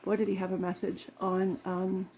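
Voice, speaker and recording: A woman vlogger talks in a loose, meandering way, stopping to correct herself and laugh as she does her makeup. Her voice has a gravelly, fry-laden texture. A faint background hiss sits under the recording. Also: on the low side, completely flat delivery, moderate pace, mellow. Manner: chatty and meandering, with frequent laughs and self-corrections. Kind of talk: casual rambling chat while doing makeup.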